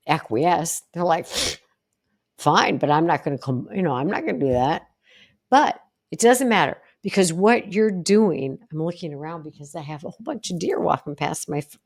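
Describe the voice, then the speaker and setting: A middle-aged woman hosts a solo podcast from home, speaking earnestly and directly. Her voice sits a little low. She acts out short example phrases as she coaches. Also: a little mellow. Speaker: podcast host, psychologist. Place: home, deer and fence outside.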